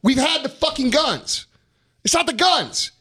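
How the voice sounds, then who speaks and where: A man's voice: very high-pitched, very animated, a little slow, bright, forceful tone, no room sound, studio quality. A man in his thirties hosting a podcast, ranting in a casual, profane and frustrated way. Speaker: podcast host.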